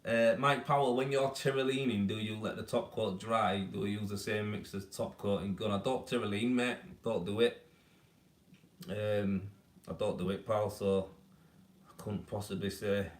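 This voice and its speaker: A man's voice: on the low side, fairly even intonation, moderate pace. A man with a Yorkshire accent, chatting casually and matily to viewers on a live stream about his rendering work. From Yorkshire, England. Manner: laid-back, matey, rambling. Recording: echoey room, mic at a distance.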